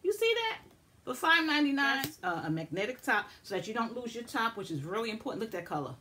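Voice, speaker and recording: A woman chatting casually and excitedly to viewers as she shows and swatches makeup finds. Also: a little high, quick pace, a little hiss or hum. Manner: chatty, excitable, addresses viewers as y'all and guys. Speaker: beauty vlogger. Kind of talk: casual makeup haul review.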